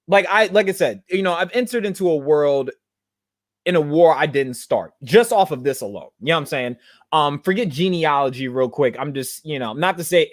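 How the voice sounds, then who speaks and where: A man's voice: high-pitched, no echo, studio quality. A man hosting a podcast, speaking in a blunt, slangy, digressive monologue. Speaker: podcast host and activist. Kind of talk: casual monologue.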